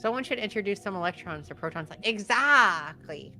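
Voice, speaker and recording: Bright-voiced woman mock-scolding a stream chat. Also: mid-range voice, animated, brisk, soft background music. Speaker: co-op streaming guest. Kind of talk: casual live-stream chat.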